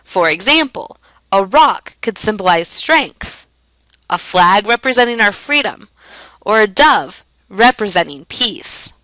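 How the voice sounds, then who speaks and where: A woman teacher explaining a lesson in a clear, emphatic way, asking and answering her own questions. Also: medium pitch, big pitch swings, a little slow, sharp tone, no room sound, poor audio. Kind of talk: classroom lesson narration.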